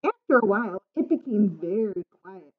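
A woman reading a children's picture book aloud in an expressive, singsong storytelling manner. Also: medium pitch, normal speed, husky. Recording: slightly muffled lo-fi recording.

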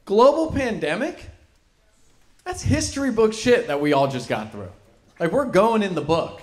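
A young man performing a stand-up set, animated and leaping into high excited voices for the people in his stories. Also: moderate pace, slight background noise. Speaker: stand-up comedian. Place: comedy venue. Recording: loud laughing crowd.

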